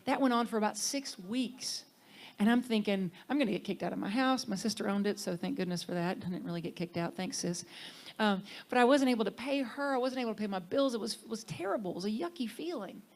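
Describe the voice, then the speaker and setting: A middle-aged woman minister giving a conversational sermon, often dropping to a soft near-whisper for emphasis. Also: mid-range voice, lively intonation, a little fast.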